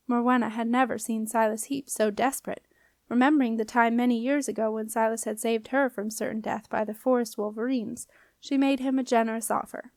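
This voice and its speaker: A woman reading a children's fantasy novel aloud in an even, measured storytelling voice. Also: on the high side, no echo. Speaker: audiobook reader. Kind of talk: audiobook narration.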